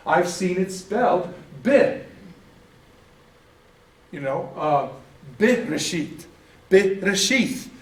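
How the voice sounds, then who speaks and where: A man's voice: high voice, animated, extremely slow, pauses often, a little mellow. An American man teaching an informal church class, rambling and correcting himself in a folksy way. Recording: echoey room, mic at a distance.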